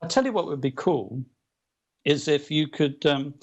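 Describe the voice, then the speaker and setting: A male author as a guest, telling anecdotes in a casual interview, animated, with many restarts and fillers. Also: on the high side, moderate pace, dull audio.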